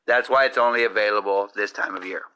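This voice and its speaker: The audio is dull, but this podcast host's fairly low voice comes through fast, bright, forceful and smooth. He rambles through profane jokes in a crude comedy monologue, recording in his home kitchen while cooking goes on.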